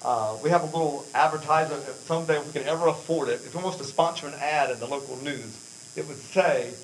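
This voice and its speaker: A man's voice: a little high, quick pace, a little hiss or hum, rough recording. An American man speaking earnestly at a church mission presentation, rambling a little with fillers and restarts. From United States.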